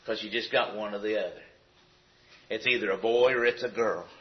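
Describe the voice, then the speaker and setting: A man's voice: lowish voice, steady tone, brisk, slight background noise. A man preaching a sermon in a church, emphatic and repetitive, firing off rhetorical questions. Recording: echoey, dull lo-fi sound.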